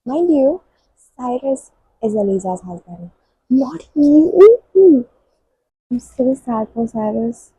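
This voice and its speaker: Young female book vlogger, slow and emotional, very husky breathy tone. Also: on the high side, animated, dark tone, dry recording, low-quality recording. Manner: gushing, emotional reactions while reading aloud. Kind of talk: casual reading-vlog commentary.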